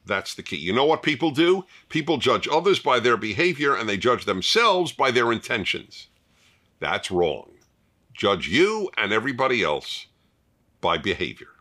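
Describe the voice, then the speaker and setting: A man's voice: medium pitch, bright, forceful tone. An older man hosting a fireside chat, talking emphatically and repeating points for stress. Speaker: host.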